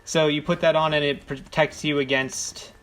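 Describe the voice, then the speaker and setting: Higher-voiced man chatting about a game. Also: level tone, normal speed, fairly bright tone. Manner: curious, asks questions, chatty. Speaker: let's play co-host. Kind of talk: casual gameplay commentary.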